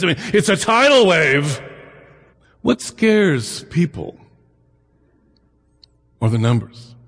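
A man's voice: high-pitched, expressive, a little slow, fairly bright tone, in a large hall. A middle-aged man giving a conversational lecture, full of anecdotes, asides and rhetorical questions. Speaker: lecturer on the Bible and immigration.

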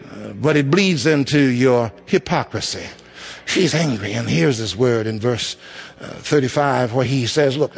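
A man preaching a sermon, moving from quiet storytelling to loud, rising emphasis. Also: a little high, husky.

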